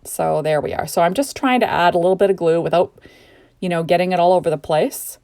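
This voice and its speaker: A woman's voice: on the low side, fast, darkish tone. Sleepy, gushing woman crafter. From Canada. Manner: chatty and gushing, rambling asides. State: sleepy, yawning. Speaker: card-making crafter. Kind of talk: casual crafting tutorial narration. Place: home craft desk.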